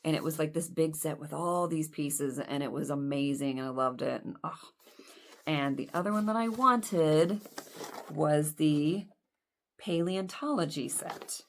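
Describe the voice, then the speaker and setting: Low-voiced chatty woman unboxing dolls. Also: a little slow, a little hiss or hum. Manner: chatty, self-deprecating, rambling asides. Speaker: doll collector vlogger. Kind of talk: casual unboxing chat.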